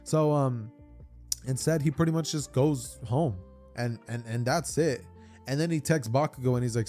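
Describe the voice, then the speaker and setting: Young man, casual storyteller, rambling, repeats words, lots of fillers, medium pitch, faint music behind. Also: moderate pace, dark tone. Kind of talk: casual spoken fan-fiction storytelling.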